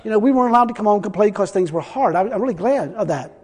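A preacher with a strikingly high voice that swings up and down as he drives his points home. He talks in a folksy, emphatic way and keeps repeating himself for weight. The sound carries a long reverb, as in a church hall. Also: lively intonation, rapid-fire, a little mellow, husky. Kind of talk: sermon.

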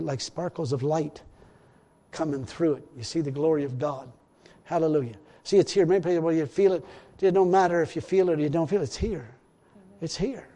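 A man's voice: fairly high pitch, dark tone, big-room sound. A man preaching a rambling, repetitive sermon in a church, full of hallelujahs. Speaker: pastor.

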